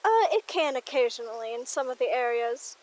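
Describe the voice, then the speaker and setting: A woman's voice: a little high, lively intonation, brisk, darkish tone, rough recording. A woman running a tabletop role-playing game as game master, talking casually with many fillers.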